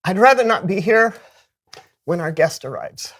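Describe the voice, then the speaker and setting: A man's voice: sits high, animated, moderate pace, a bit bright. A man co-hosting a kids' comedy skit, talking in a nervous, stammering, evasive way. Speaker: co-host of a kids' comedy show.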